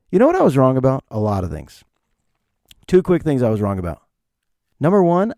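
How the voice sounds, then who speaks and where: Gravelly rambling podcast host. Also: male voice, medium pitch, warm tone, dry recording, studio quality. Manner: rambling, jokey, talks to himself. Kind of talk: solo comedic podcast monologue.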